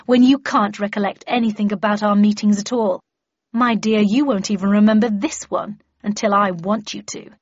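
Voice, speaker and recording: A woman's voice: mid-range voice, moderate pace, dry recording, lo-fi sound, close to an everyday voice. A woman putting on a sneering female villain. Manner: sneering, mocking, cold. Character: smug female villain who erases memories.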